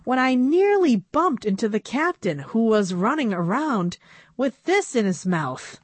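A fussy old grandmother from a storybook, unhurried and chiding, her voice lilting. A woman reader puts her on. Close, dry sound. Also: a little high, very animated, no room sound, voice pushed up. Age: older.

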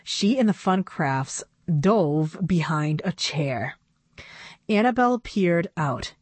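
A woman narrating a children's storybook in a measured, expressive way. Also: lowish voice, no room sound. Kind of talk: storybook reading.

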